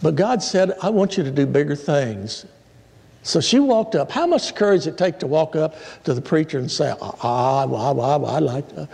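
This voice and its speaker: A male pastor preaching a sermon in a church, telling stories in a folksy, animated way. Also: fairly high pitch, gravelly. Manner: storytelling, folksy, animated asides. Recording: echoey church hall.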